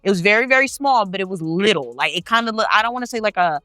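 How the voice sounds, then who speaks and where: A woman's voice: medium pitch, lively intonation, fast talker, bright, forceful tone, no echo, faint music behind. A woman telling a paranormal story in a casual, chatty way, swearing freely and talking straight to her viewers. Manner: chatty, profane, addresses the viewers directly.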